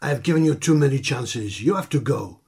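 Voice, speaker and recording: A man's voice: medium pitch, expressive, fairly quick, darkish tone, husky. A man doing a pompous fake-French ringmaster. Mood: exasperated. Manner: overdramatic, flouncing.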